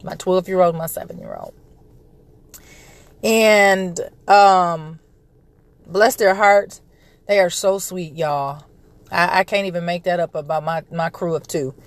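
A woman in her thirties hosting a casual podcast monologue, recovering from a respiratory illness and clearing her throat, telling a story in a chatty way. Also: on the low side, steady tone, measured pace, long pauses, no room sound. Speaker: podcast host, parent.

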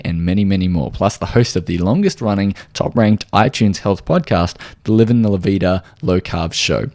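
A man's voice: fairly low pitch, a little mellow. A man with an Australian accent hosting a podcast, upbeat and chatty with frequent fillers. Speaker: podcast host. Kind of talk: casual interview chat.

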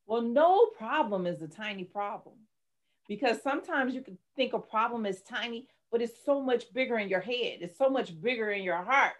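A woman's voice: on the high side, expressive, normal speed. A middle-aged woman, candidly telling her life story in an interview with dramatic retellings. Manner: candid, dramatic retelling, rising to shouts when reliving anger. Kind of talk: personal testimony in an interview.

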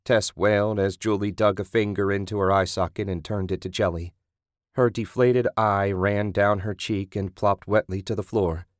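In this horror audiobook, a man with a deep voice narrates a gruesome scripted story calmly and evenly. The sound is close-miked and dry, free of any room ambience.

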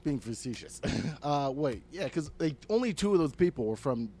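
A man's voice: a little high, sing-song, moderate pace, a little mellow. A man from New Jersey co-hosting a comedy podcast, swearing freely and ranting in exasperated disbelief. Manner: profane, rants with exasperated disbelief. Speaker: podcast co-host. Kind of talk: casual comedic chat.

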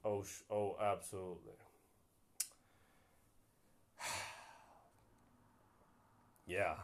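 A man's voice: sits low, extremely slow, gravelly. A young man hosting a casual solo podcast, rambling and self-deprecating with many fillers. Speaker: podcast host.

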